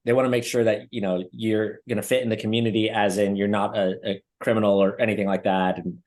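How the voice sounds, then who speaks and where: A man's voice: lowish voice, little pitch movement, fast talker, a little mellow. Rambling young man telling a story. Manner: rambling storytelling with frequent fillers and swearing. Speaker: podcast co-host. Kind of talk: casual chat.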